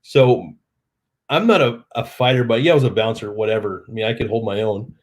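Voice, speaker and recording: A man's voice: fairly low pitch, brisk. Rambling man telling a story on a live stream. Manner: rambling, self-deprecating, acts out quoted lines.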